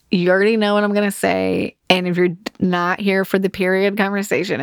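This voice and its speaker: A woman's voice: lowish voice, creaky, dry recording, clean studio sound. A woman in her thirties hosting her own podcast, talking off the cuff in a candid, casual way and swearing often. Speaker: podcast host. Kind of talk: casual solo podcast monologue.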